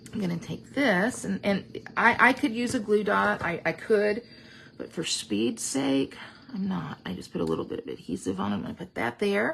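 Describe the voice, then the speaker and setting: A woman's voice: medium pitch, creaky, slight background noise. A woman demonstrating card-making at home in a chatty, playful, exaggerating way. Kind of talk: casual crafting tutorial. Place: home craft room.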